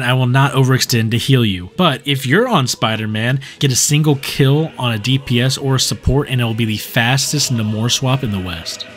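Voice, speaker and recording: A man giving a scripted, sarcastic voice-over that roasts players in a deadpan way. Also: mid-range voice. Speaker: gaming video creator.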